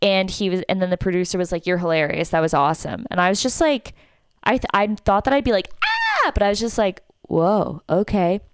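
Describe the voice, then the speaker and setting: A woman's voice: mid-range voice, fast talker, clean tone, no room sound, studio quality. A young woman from Canada, a comedian casually telling a story on a podcast and acting out what people said. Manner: animated, acts out quotes.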